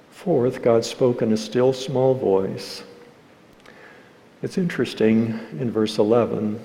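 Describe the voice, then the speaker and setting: A man preaching a sermon as pastor, acting out scolding voices before softening into gentle, caring speech. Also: medium pitch. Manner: acts out quoted scolding voices, then drops to soft caring tones. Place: church sanctuary. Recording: church hall reverb.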